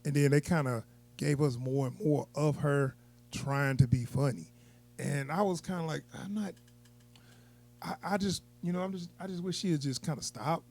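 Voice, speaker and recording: A man's voice: on the high side, normal speed, darkish tone. A man giving a casual, unscripted movie review, rambling and chuckling as he goes.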